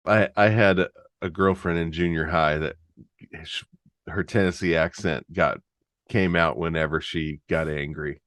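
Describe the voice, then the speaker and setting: Deep voiced guy on a podcast, keeps restarting sentences, laughs a lot, dry mic. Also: fairly even intonation, fairly bright tone, no room sound. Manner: halting, restarts often, laughs easily. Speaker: podcast guest. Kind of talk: casual conversation.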